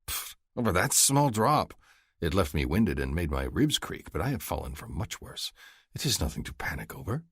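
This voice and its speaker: Man reading a romance audiobook first person, very deep and husky, lots of up and down. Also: dry recording, clean studio sound. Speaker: audiobook narrator.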